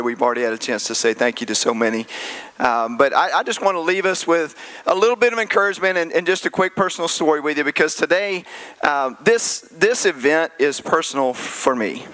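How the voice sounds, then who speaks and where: A slightly hoarse male pastor giving an earnest, conversational closing speech at an event. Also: on the high side, quick pace, fairly bright tone, no room sound.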